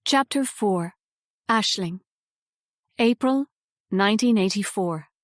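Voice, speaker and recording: A woman's voice: medium pitch, takes it slowly, no room sound. Woman narrating a novel, dry close sound. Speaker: audiobook narrator. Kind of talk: scripted audiobook narration.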